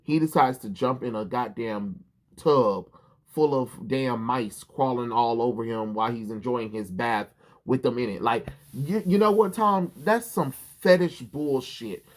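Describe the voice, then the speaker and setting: A man's voice: medium pitch, a little slow. A man recapping a comic book in a casual vlog, rambling, swearing and full of ums and restarts.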